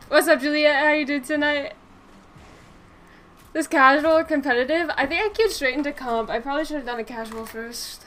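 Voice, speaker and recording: A woman's voice: high voice, moderate pace, fairly bright tone, a little hiss or hum. A woman streaming a game live, chatting casually, swearing freely and answering her chat aloud.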